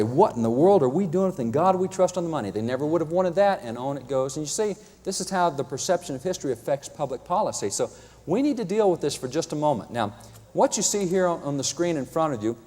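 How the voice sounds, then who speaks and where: A man's voice: a little high, expressive, quick pace, warm tone. A man giving a lecture with slides, emphatic and wry, often reading quotations aloud. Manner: reads out quotations. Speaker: public speaker on history. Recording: long hall reverb.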